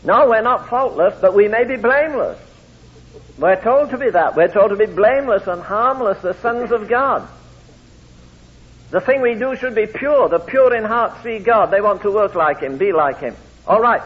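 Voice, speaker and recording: A man's voice: high-pitched, lively intonation, normal speed. A man preaching a sermon, telling anecdotes and acting out the quoted voices in his stories. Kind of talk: sermon with storytelling. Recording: tinny phone-like lo-fi recording.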